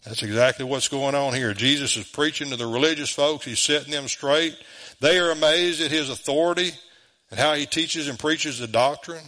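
Folksy man preaching, bright voice. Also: mid-range voice, normal speed. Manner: folksy, conversational, chuckles often. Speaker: pastor. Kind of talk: sermon.

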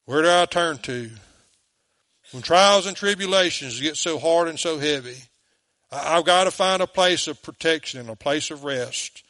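An earnest man preaching a sermon in a fairly high voice. He asks his listeners direct questions and slows right down when he quotes scripture. The sound is dry and close. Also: sharp tone, no room sound. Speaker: pastor.

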